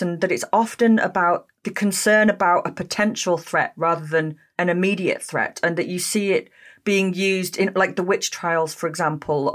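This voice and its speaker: A woman with a slightly low voice hosts an interview. She muses aloud in a relaxed, conversational way before she puts open questions to her guest.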